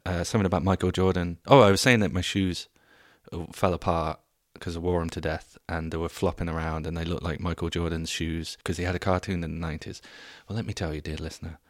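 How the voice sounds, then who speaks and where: A man in his thirties with a deep voice hosts a solo podcast in a loose, rambling way. He keeps mocking himself and swears freely. The sound is dry and close. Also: fairly even intonation, a little fast, no echo. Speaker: podcast host. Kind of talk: casual comic monologue.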